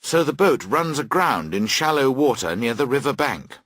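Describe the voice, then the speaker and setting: A man reading a classic story aloud for language learners, slow, clear and very expressive. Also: mid-range voice, no room sound, studio quality. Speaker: audiobook reader. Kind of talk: scripted storybook narration for learners.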